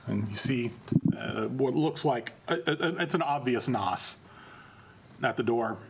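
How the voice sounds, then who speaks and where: A man narrating a tabletop role-play game as game master, relaxed and halting with fillers. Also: medium pitch, gravelly, slight background noise.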